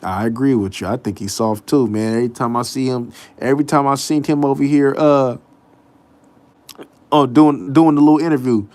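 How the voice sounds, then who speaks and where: A man hosting a casual sports talk show, animated and mocking, laughing often and mimicking people. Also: mid-range voice, normal speed, no room sound. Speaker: podcast host.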